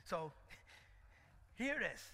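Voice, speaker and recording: A man's voice: sits high, extremely slow. A man preaching a sermon, asking the congregation questions and telling a parable. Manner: animated, call-and-response questions. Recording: echoey hall.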